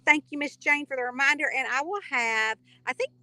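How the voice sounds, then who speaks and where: A woman's voice: sits high, fairly quick, pushed and bright, dry recording. A middle-aged woman with a Kentucky twang, chatting with readers on a live stream in a rambling, bubbly way. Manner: chatty, rambling, bubbly, reads out viewer comments. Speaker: author hosting a live reader chat. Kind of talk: casual livestream chat.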